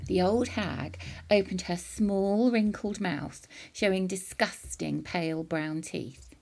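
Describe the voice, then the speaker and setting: A woman reading a children's book aloud, with expressive, lively storytelling. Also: on the low side, slow, gravelly.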